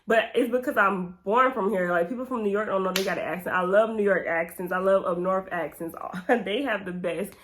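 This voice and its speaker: A woman's voice: mid-range voice, brisk, hardly any pauses, a bit bright, slight background noise. A young woman from Georgia with a Southern accent, chatting through a get-to-know-me Q&A in a rambling, easygoing way. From Georgia, USA. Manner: chatty and rambling, drifts off on tangents. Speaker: YouTuber. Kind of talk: casual Q&A vlog.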